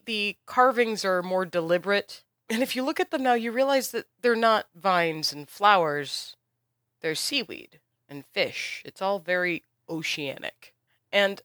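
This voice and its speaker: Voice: medium pitch, a bit bright, no room sound. A game master narrating a tabletop game in a casual, descriptive way, with frequent fillers.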